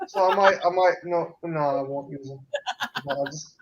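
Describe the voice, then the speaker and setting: An Irish man hosting a casual late-night chat stream, talking in a loud, profane and boisterous way. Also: a little high, normal speed, lo-fi sound, a little hiss or hum. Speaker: channel host.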